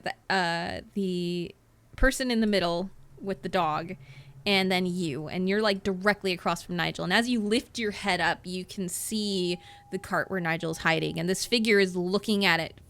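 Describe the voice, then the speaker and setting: A woman's voice: medium pitch, a bit bright. A woman narrating a tabletop game as game master, rambling through her descriptions with many fillers.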